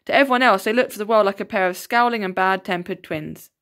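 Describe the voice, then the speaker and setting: A woman's voice: medium pitch, quick pace, fairly bright tone. Woman reading a children's novel aloud. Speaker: storybook reader.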